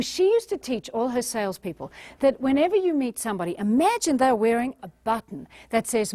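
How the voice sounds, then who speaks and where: A woman's voice: fairly high pitch, dark tone, dry recording. A woman leading a motivational workshop, talking to a live audience, playful and acting out voices with gasps. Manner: addresses and directs a live audience. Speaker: workshop trainer.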